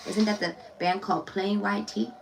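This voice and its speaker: A woman's voice: mid-range voice, fairly even intonation, moderate pace, vocal fry, far from the mic. A woman gives a casual tarot reading in a loose, blunt, chatty way, cursing freely and laughing often. Her voice sits a little back from the mic, with a faint hiss of noise underneath. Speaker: tarot reader.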